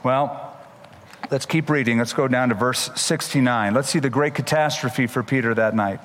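A man preaching a sermon, retelling scripture with animated, emphatic delivery and shifting voices for the people in the story. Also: mid-range voice, normal speed, in a large hall. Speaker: pastor.

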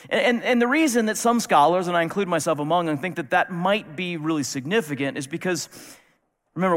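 A man's voice: fairly high pitch, a bit bright. Man preaching in a reverberant hall. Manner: casual, wry asides, repeats words when restarting. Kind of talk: conversational sermon. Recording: long reverb of a large hall.

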